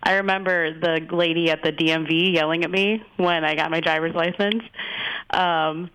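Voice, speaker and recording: A woman's voice: fairly low pitch, fairly even intonation, normal speed, a bit bright, clean tone, poor audio. A woman chatting as a listener guest on a radio show, easygoing with hesitant fillers. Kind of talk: casual interview.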